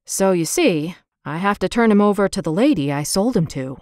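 A woman's voice: medium pitch, expressive, normal speed, darkish tone, no room sound, studio quality, close to an everyday voice. A woman doing an uneasy, polite dog breeder. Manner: respectful, apologetic, plain-spoken.

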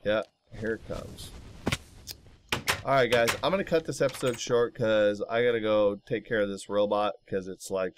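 A man hosting a let's play, talking casually to himself as he builds and getting easily aggravated, recorded in his home office. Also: lowish voice. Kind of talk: casual gameplay commentary.

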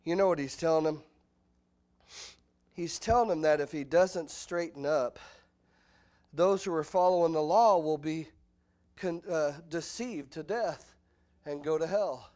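Animated preacher, higher-voiced man. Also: unhurried, long pauses. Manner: animated preaching, voice jumps high and loud when acting out quotes. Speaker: pastor. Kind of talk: expository sermon. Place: church sanctuary.

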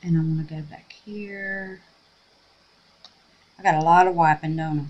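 A woman's voice: sits low, fairly even intonation, moderate pace, a little mellow, dull audio. A middle-aged woman, hosting a resin craft tutorial and chatting to herself and her viewers as she works. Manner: chatty, talks to herself and viewers while working. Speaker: resin craft channel host. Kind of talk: casual crafting tutorial talk.

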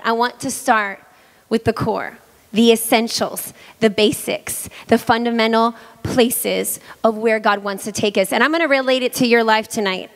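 A woman pastor in her thirties from Hawaii, preaching a sermon in a lively, chatty way and joking with the congregation. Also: a little high. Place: church hall. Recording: long church-hall reverb.

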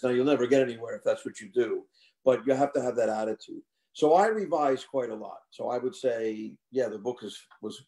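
An older man speaks in a gravelly, darker voice, working through his answers aloud. He often restarts and repeats words as he thinks, in a relaxed conversational interview manner. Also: medium pitch. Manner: thoughtful, self-correcting, repeats words. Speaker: author guest.

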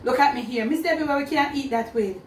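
Her voice sits high and she talks fast as she runs a home cooking demonstration, speaking chattily to the camera in a Jamaican accent mixed with Patois. The kitchen gives a roomy sound with slight background noise.

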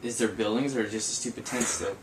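A friend with a sore, raspy voice bantering crudely about a video game. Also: mid-range voice, steady tone, a little fast, noisy background. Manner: playful banter, crude jokes. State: strained, sore voice. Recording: echoey room, voice from off-mic.

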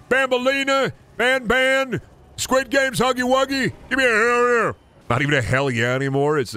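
A man putting on a brash male wrestler persona, shouting crowd-baiting hype chants. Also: extremely high pitch, smooth, voice pushed up.

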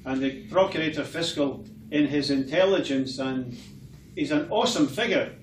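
A man's voice: a little high, moderate pace. A man giving an impassioned speech at a political meeting, rising to outraged exclamations. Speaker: public speaker. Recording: echoey hall, mic from far off, faint noise.

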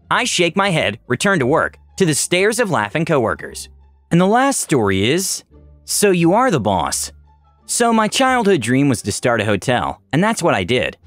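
A man reading online stories aloud with a lively, sing-song delivery. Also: mid-range voice, dry recording. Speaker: story reader.

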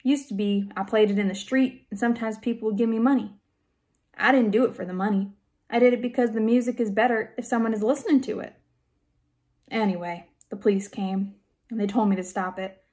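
A woman reading aloud and voicing a shy, lonely grown man who speaks softly and hesitantly in a storybook. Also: mid-range voice, lightly acted.

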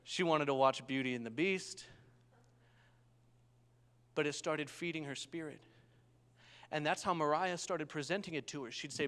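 Young preacher man with a high voice in a reverberant church hall. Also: moderate pace, pauses often. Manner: animated storytelling, calls for amen. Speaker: pastor. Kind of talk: sermon.

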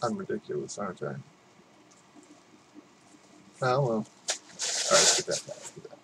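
A man's voice: on the low side, big pitch swings, moderate pace, creaky, background noise. A man doing casual unboxing commentary, rambling, joking at his own expense, and swearing freely. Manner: rambling, self-mocking, swears a lot. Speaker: unboxing vlogger.

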